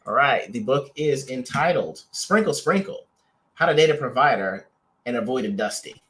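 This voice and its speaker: A man's voice: medium pitch, lively intonation, moderate pace, fairly bright tone. A man co-hosting a couples podcast, rambling and teasing in casual chat. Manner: rambling, lots of restarts and fillers; playful teasing. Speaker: podcast co-host.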